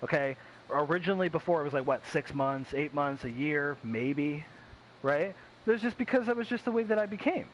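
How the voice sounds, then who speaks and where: A man with a fairly high voice talks bluntly and at length while streaming games, swearing freely and leaning on fillers. A faint hiss sits under his voice. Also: normal speed, highs cut off. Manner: blunt, profane, emphatic, heavy with fillers. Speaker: gaming streamer. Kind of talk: casual chat.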